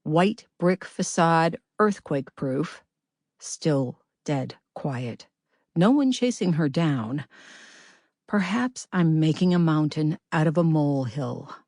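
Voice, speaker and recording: A woman narrating a novel as an audiobook reader, in a measured, gentle storytelling manner. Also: deep voice, animated, no room sound, clean studio sound. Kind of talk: scripted narration.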